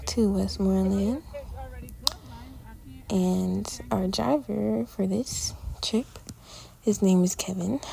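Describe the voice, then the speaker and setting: A woman's voice: medium pitch, gravelly, mellow, low-quality recording. An eighteen-year-old woman narrating a casual travel vlog in a chatty, slangy storytelling way. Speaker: vlogger.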